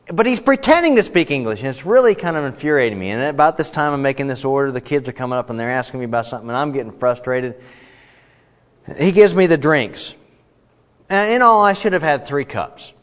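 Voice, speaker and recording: A man preaching a sermon, explaining a word and telling self-deprecating personal stories in an animated way. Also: on the high side. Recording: echoey hall, dull lo-fi sound.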